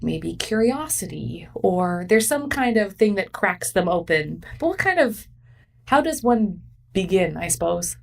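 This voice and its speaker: A woman's voice: medium pitch, creaky. A woman host in a medium voice talks eagerly and laughs often, with plenty of likes and ums. She sounds a little distant from the mic. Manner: enthusiastic, laughs often, many fillers. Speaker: podcast host. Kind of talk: conversational interview. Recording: voice slightly far from the mic.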